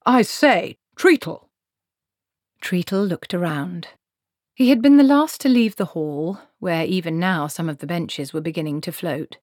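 Here an audiobook narrator, a woman whose voice sits on the low side, delivers scripted narration from a comic fantasy novel at a moderate pace. Her storytelling is wry and expressive, captured dry at studio quality.

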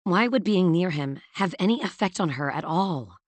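Low-voiced woman narrating a novel. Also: lively intonation, normal speed, dry recording. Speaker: audiobook narrator. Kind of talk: scripted narration.

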